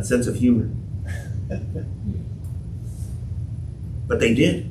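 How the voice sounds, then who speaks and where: A pastor preaching a sermon, telling the story dramatically and acting out the quotes, sometimes shouting. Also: male voice, medium pitch, far from the mic, a little hiss or hum. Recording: echoey room, voice from off-mic.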